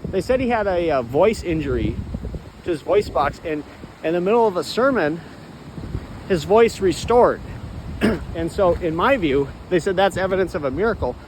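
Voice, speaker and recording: A man vlogging outdoors while walking, rambling and clearing his throat often. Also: sits high, lively intonation, moderate pace, a little mellow, a little hiss or hum, poor audio.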